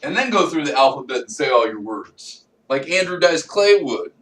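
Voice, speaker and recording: A man's voice: fairly high pitch, big pitch swings, normal speed, fairly bright tone, a little hiss or hum. A man delivering a profane, rambling comedic monologue and talking to himself. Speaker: vlogger. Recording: roomy echo, distant from mic.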